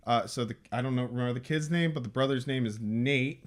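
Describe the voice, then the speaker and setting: A man's voice: medium pitch, fast talker. A man co-hosting a casual movie recap podcast, rambling and narrating the plot with asides. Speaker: podcast co-host.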